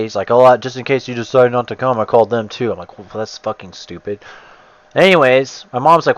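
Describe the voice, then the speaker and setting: A man's voice: mid-range voice, a little fast, dry recording, lo-fi sound. Profane rambling man telling a story. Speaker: gamer streamer. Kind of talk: casual storytelling while gaming.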